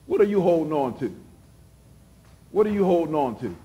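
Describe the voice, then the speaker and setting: A man preaching a sermon as pastor, repeating phrases for emphasis and dropping suddenly to a hush. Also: on the high side, big pitch swings, normal speed, muffled recording.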